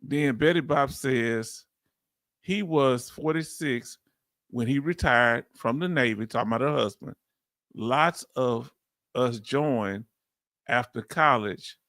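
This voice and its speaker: A man's voice: medium pitch, slow pace, no echo. Southern man in his fifties, chatty livestream host reading chat aloud, dry close sound. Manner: chatty, reads chat aloud, bursts of laughing excitement.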